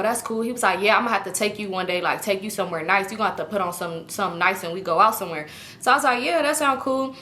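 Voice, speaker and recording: A young adult woman telling a personal story to her viewers in a casual storytime, acting out both sides of the conversation and talking straight to the audience. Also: fairly high pitch. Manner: animated, acts out both sides of a dialogue, addresses viewers directly.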